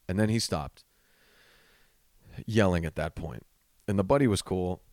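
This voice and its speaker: A man's voice: deep voice, a little mellow, no echo, studio quality. A man in his thirties hosting a solo podcast, telling a story in a casual, profane, rambling way with plenty of restarts. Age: 30s. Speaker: podcast host.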